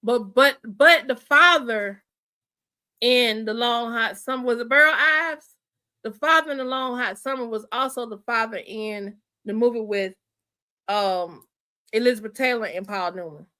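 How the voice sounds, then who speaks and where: A woman hosts a loose, chatty livestream with a bright, ringing voice. She thinks out loud, backtracks, and keeps turning to her viewers as y'all and honey. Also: a little high, measured pace, clean tone. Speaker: livestream host. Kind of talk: casual livestream chat with viewers.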